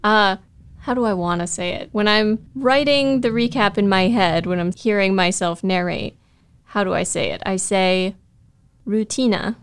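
A woman's voice: mid-range voice, moderate pace, clear, resonant tone. Easygoing woman co-hosting a podcast. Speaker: podcast co-host. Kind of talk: casual podcast discussion and recap narration.

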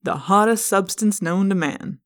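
A woman's voice: medium pitch, measured pace, natural voice. Woman voicing a jovial middle-aged dad, hearty and teasing; audiobook scene. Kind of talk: fan audiobook reading.

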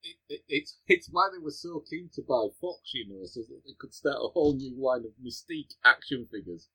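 Raspy, bright co-host. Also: male voice, on the high side, animated, fairly quick, poor audio. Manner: wry, mock-archaic banter. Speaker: podcast co-host. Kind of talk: casual podcast chat.

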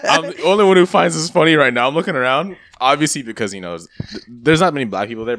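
A man's voice: medium pitch, fast talker. A man, co-hosting a podcast and telling stories with laughter. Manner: animated storytelling, laughs often. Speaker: podcast co-host. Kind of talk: casual chat.

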